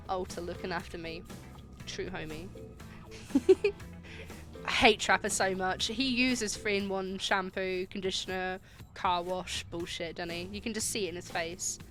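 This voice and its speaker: A woman's voice: on the low side, slow, pauses often, faint music behind. A woman streamer chatting casually and giggling while she plays a dating game and thanks viewers for gifted subs. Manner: giggly and chatty, reacting loudly.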